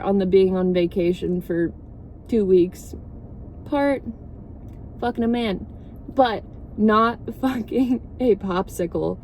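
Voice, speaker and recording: A woman's voice: mid-range voice, darkish tone, a little hiss or hum. A woman vlogger rambling through a sarcastic, swear-filled casual movie recap.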